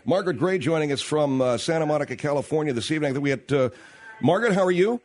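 A man's voice: on the high side, expressive, rapid-fire, a little mellow. Exasperated male radio talk host. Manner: exasperated, protesting.

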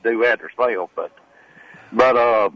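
A male caller on a talk radio show, speaking haltingly with many hesitations. His voice sits at an average pitch. The line is dry and a little dull. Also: a bit bright, no room sound.

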